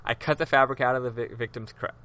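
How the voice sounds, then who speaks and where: A man's voice: medium pitch, steady tone, quick pace, bright, forceful tone. A man voicing a sneaky, scheming, gloating man from a game, smug and boastful. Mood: defiant.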